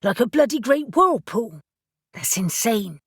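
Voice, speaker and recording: A woman's voice: mid-range voice, lively intonation, moderate pace, no echo, clean studio sound, lightly acted. A woman doing a blunt, sarcastic male witch. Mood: exasperated. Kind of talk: audiobook character voice.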